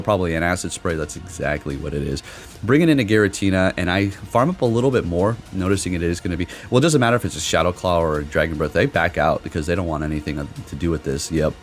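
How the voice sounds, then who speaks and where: A man giving casual, excitable commentary over his own competitive game matches, swearing now and then. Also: sits low. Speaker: gaming commentator.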